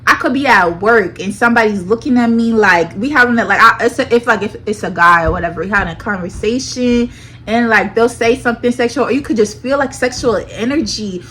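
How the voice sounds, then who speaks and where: Animated, dramatic young woman storyteller. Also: fairly high pitch, fairly quick, slight background noise. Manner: animated, dramatic, slang-heavy, addresses viewers as y'all. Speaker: storytime vlogger. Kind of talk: casual storytelling.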